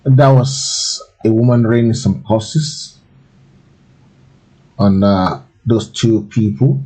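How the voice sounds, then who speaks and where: A man's voice: on the low side, takes it slowly, long pauses, dark tone, poor audio. A man hosting, making solemn, preacher-like pronouncements between clips. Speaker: host.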